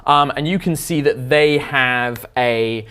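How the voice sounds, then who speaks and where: A man's voice: mid-range voice, takes it slowly, pushed and bright, clean tone. A man narrating a tabletop game as game master, describing scenes in a rambling, hesitant way with many fillers.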